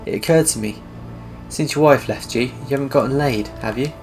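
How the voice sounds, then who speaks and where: A man's voice: mid-range voice, normal speed, a little mellow, close to an everyday voice. A man reading the lines of a taunting, mysterious male ghost passenger in a video game, needling and mocking. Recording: game music behind.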